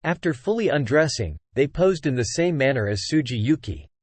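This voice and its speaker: A man reads a fantasy web novel aloud at a steady, even pace. His pitch moves around a good deal from phrase to phrase. The sound is dry and close, with no room around it. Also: moderate pace, no echo. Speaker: audiobook narrator. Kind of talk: plain narration of a web novel.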